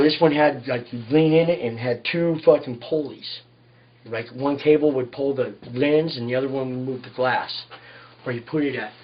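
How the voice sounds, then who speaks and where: Man, tattoo artist, rambling and profane, casual interview, recorded from a distance, dull muffled sound. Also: mid-range voice. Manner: profane, rambling, says "you know what I mean" constantly.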